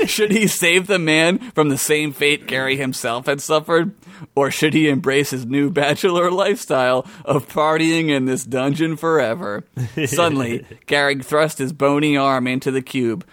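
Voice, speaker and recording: A man runs a tabletop game with a slightly high voice, telling a silly story and breaking into laughter again and again. The sound is close and dry, with no room around him. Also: animated, measured pace, fairly bright tone, dry recording. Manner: laughs often while narrating, crude jokes. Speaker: game master. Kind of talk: comedic improvised storytelling.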